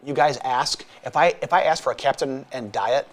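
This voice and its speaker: A man's voice: mid-range voice, normal speed. A man, co-hosting a casual podcast, rambling and joking and repeating himself as he talks. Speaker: podcast co-host.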